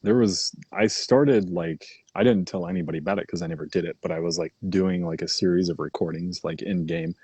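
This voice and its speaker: Low-voiced, husky young male host. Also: fairly even intonation, brisk, few pauses, mellow, no room sound. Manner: laid-back, says "man" and "like" a lot. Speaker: podcast host. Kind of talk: casual chat.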